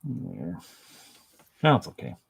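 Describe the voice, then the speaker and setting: A man's voice: low-pitched, wildly swooping pitch, extremely slow, vocal fry, slight background noise. A man hosting a casual painting session at home, rambling and self-mocking with jokey asides. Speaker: miniature painter and channel host. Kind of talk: casual chat while painting.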